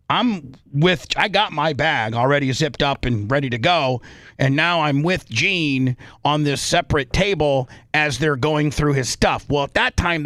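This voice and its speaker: A man's voice: medium pitch, no echo, studio quality. A male radio show host telling a story in a casual way, putting on the voices of the people in it. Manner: animated, acts out other people's voices in his story.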